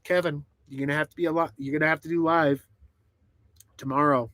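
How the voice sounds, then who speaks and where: A man's voice: a little high, steady tone, a little fast, sharp tone, dry recording. A man rambling and laughing through a casual live stream from inside a truck camper, reading chat comments aloud. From United States.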